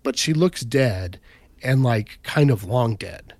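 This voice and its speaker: A man's voice: medium pitch, lively intonation, slow, darkish tone, no echo. A man casually retelling a story on a podcast, rambling, with lots of "like" and "right?" fillers. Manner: rambling, filler-heavy, says "right?" and "like" often.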